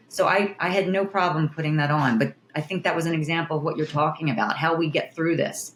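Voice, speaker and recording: A woman's voice: sits low, brisk, hardly any pauses, a little hiss or hum. Earnest middle-aged woman, echoey room. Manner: earnest, emotional storytelling with restarts. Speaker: TV news reporter. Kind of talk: interview guest, candid conversation.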